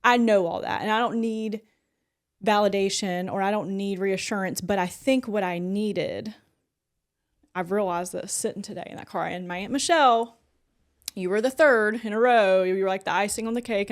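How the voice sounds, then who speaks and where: A woman's voice: mid-range voice, moderate pace. A woman co-hosts a podcast and talks in loose, casual chat. She tells her stories in a rambling way and fills them with "like" and small restarts. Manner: rambling storyteller, heavy use of "like". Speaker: podcast co-host.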